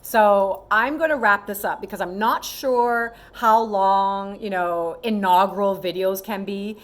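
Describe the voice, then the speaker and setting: A woman in her thirties vlogging straight to camera in a loose, chatty way. She swings her voice up and down freely and slips into quick impressions of other people mid-sentence. Her pitch sits in an ordinary middle range. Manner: animated, mimics other people's voices in quoted asides. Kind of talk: casual monologue to camera.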